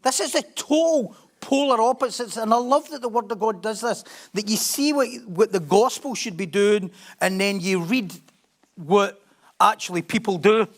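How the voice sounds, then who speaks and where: A middle-aged pastor with a noticeably high voice preaches at a moderate pace in a loose, chatty, humorous style. He laughs at himself, asks the congregation questions, and moves between animated storytelling and reading Bible verses aloud.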